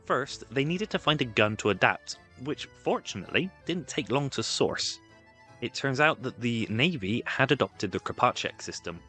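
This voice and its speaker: A man's voice: lowish voice, sharp tone. A man giving scripted, comedic history narration with wry, sarcastic asides.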